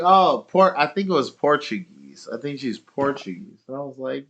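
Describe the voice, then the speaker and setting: A male streamer chatting casually while playing, loose and profane, drifting from one tangent to the next. His voice sits at an ordinary pitch, and it comes through a dull, lo-fi mic. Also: animated, moderate pace, pushed and bright. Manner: rambling, profane, argumentative storytelling.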